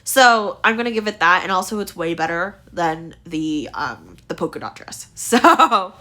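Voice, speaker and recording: Speaking a little slowly in a fairly low, expressive voice that's pushed and bright, a young woman gaming creator rates outfits. Her casual commentary rambles with many fillers, and her voice is tiring and slightly strained.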